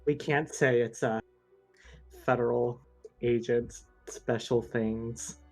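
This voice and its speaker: A man's voice: medium pitch, fairly even intonation, takes it slowly, a little mellow, soft background music. A man playing a tabletop game, speaking dry and clipped. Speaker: player. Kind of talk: in-character role-play.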